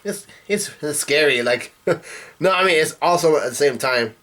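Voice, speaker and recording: A man's voice: a little high, animated, a little slow, a bit bright. A man chatting casually as a vlogger, recapping a comic chapter in a rambling way with lots of fillers. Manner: rambling with many fillers and restarts.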